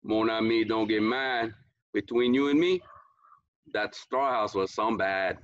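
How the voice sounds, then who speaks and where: A man voicing a sly big male alligator villain in a storybook, with a low, teasing growl. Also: a little slow, no room sound, lightly acted. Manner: smooth, teasing menace, low gator growl. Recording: dull lo-fi, dry.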